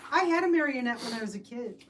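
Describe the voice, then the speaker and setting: A woman with a high voice co-hosts a casual live stream. She breaks in with quick, teasing jokes and short asides. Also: animated, fairly bright tone, slight background noise, poor audio. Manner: teasing, quick joking interjections. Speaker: co-host.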